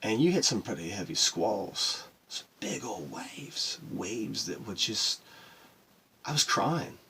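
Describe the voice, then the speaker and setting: An actor playing a rough-talking male sailor who recounts his solo voyage in a rambling, emotional monologue. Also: lowish voice, very animated, slow pace, sharp tone, a little hiss or hum, full character voice. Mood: wistful. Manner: profane, rambling and emotional storytelling. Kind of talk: dramatic monologue.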